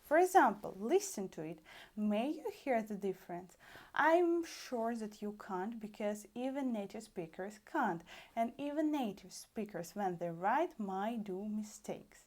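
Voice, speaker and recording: A young woman with a Russian accent teaching a language lesson online, animated and often calling out to her dear friends. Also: mid-range voice. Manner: animated, repeats "dear friends", stretches out examples slowly.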